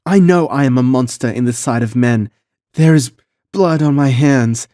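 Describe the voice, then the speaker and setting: A man's voice: on the low side, unhurried, a little mellow, slightly rough, no echo, clean studio sound. A man voicing a fiery young female pirate captain with proud, archaic speech, in an audiobook. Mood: sobbing.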